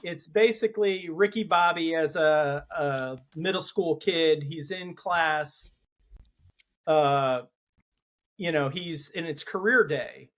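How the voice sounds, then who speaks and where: A man guesting on a podcast, calmly walking through his favorite movie scene. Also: fairly high pitch, takes it slowly. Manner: steady, explains his pick step by step. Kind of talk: casual movie chat.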